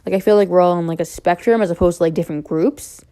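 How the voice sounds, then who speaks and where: A woman's voice: lowish voice, fast, warm tone, smooth. A young woman talking to camera about personal matters, rambling, unscripted and candid, with frequent fillers. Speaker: vlogger.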